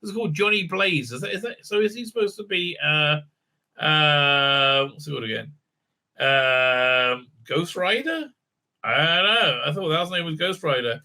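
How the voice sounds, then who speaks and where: A man with a very bright, ringing voice and a slightly raised pitch talks through a casual recap and review. He digresses often and is sarcastic, and he fills gaps with plenty of hesitant sounds. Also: animated, moderate pace. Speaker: YouTube reviewer.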